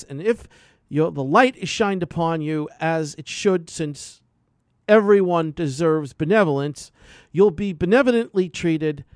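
Male radio health host, higher voice, emphatic and preachy, dry studio sound. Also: a little mellow, dry recording. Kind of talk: impassioned radio monologue.

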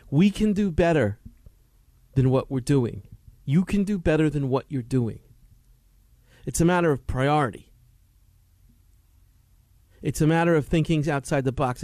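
A man hosting a health talk show, lecturing with lively rhetorical questions and a preachy tone. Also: fairly high pitch, no echo, studio quality. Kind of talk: animated health talk monologue.

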